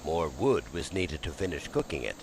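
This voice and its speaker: Man, audiobook narrator, very low voice, lively intonation, faint hiss. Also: normal speed, poor audio. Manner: expressive, lively storytelling.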